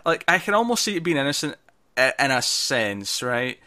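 A man co-hosting a casual film discussion, animated and jumping in often, stumbling over his words as he talks. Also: medium pitch, normal speed.

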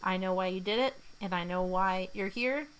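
A young woman's clear, resonant, mid-range voice comes through poor audio as she co-hosts a podcast. At a moderate pace, she recaps a film scene by scene in casual, chatty fashion, doing quoted voices for the characters.

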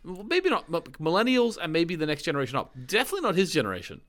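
A man co-hosting a casual movie podcast, talking with quick self-corrections and frequent laughter. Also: fairly high pitch, huge pitch swings, a bit bright. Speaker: podcast co-host. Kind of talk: casual movie review chat.

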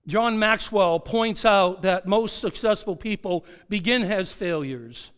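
Man preaching with loud-soft swings. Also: high-pitched, clear, resonant tone. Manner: personal storytelling with swings from quiet to loud; repeats key phrases slowly for emphasis. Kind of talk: sermon.

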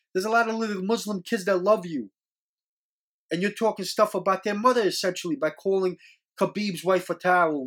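A man hosting a show, talking casually and earnestly with many restarts, scolding as he goes. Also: high voice. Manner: rambling, repeats words, scolding and earnest. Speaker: podcast host. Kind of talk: casual opinion monologue.

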